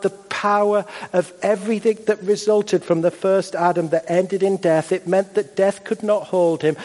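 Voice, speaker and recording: Male pastor, high voice, emphatic sermon cadence, long hall reverb. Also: darkish tone. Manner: measured, emphatic, rhetorical repetition.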